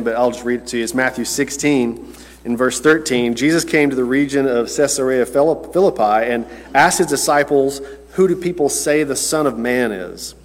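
A man preaching a sermon in a casual, conversational way, correcting himself as he goes and speaking straight to the congregation. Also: medium pitch. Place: church. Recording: long church reverb.

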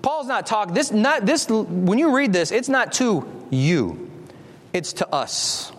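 Male pastor, high-pitched and very animated, preaching in a church hall with long reverb. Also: slow pace. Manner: animated, stretches key words, shifts into reading scripture. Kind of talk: sermon.

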